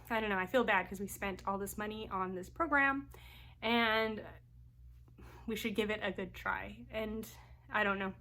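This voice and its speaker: A woman in her thirties talks openly to her viewers about homeschooling, musing aloud in a confiding, honest way. Her voice sits a little high for a woman. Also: fairly bright tone. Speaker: homeschooling mom and channel host. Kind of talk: candid vlog talk to camera.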